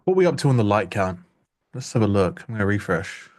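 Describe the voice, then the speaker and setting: A man's voice: fairly low pitch, sing-song, fast talker. Joking, rambling young male co-host. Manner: joking, rambling, self-interrupting. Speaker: livestream trading co-host. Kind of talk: casual live-stream chat.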